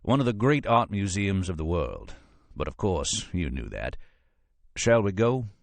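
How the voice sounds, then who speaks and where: A man voicing a cultured, courteous male FBI agent with a soft voice and a formal, unhurried way of speaking. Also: low-pitched, very animated, creaky, no echo, heavily acted. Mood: poised.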